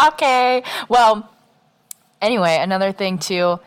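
A young woman co-hosting a podcast in casual chat, blunt and sweary, laughing often and acting out what others said. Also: on the low side. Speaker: podcast co-host.

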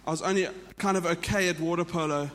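A man's voice: a little high, fairly even intonation, quick pace, fairly bright tone, long reverb tail. A man with a South African accent, preaching a sermon to a church in an earnest way that often repeats and restarts phrases. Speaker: pastor.

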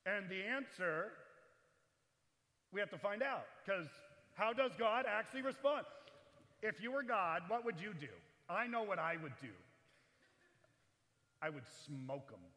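A man preaching a sermon as pastor in a chapel, animated, swinging between loud and hushed delivery. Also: high-pitched, normal speed, long pauses, big-room sound. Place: large echoey chapel.

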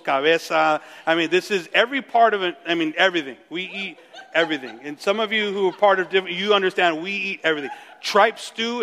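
A man preaching a sermon as pastor, animated, acting out the dialogue of the story. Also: sits high, in a large hall. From Mexico.

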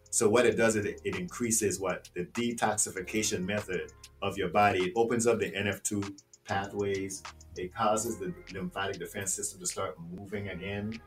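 A man talking as a podcast guest, animated and full of rhetorical questions, swearing freely. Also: on the low side, distant mic. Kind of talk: casual podcast interview.

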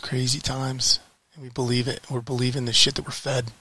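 Man, frustrated vlog rant, swears a lot, repeats himself, husky voice, dry close sound. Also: mid-range voice, flat delivery, sharp tone, no echo. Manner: heated, swearing, repeats phrases, emphatic pauses. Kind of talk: frustrated political rant to camera.

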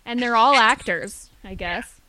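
A woman's voice: a little high, a little slow, crowd noise. A woman co-hosting a podcast in a jokey, casual chat. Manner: chatty, jokey, trails off mid-sentence. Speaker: podcast co-host.

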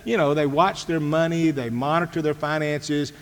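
A man quoting a young woman in a story, in his own lowered voice, with long hall reverb. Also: steady tone, moderate pace, a little hiss or hum, lightly acted. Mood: chatty.

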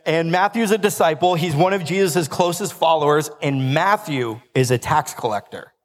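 Man, pastor, conversational sermon, jokes with the congregation, a little high-pitched, long church-hall reverb. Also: moderate pace.

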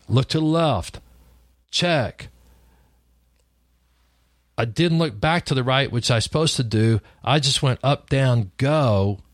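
A man's voice: mid-range voice, no echo, studio quality. Man casually telling a personal story. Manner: conversational, lively retelling with frequent restarts.

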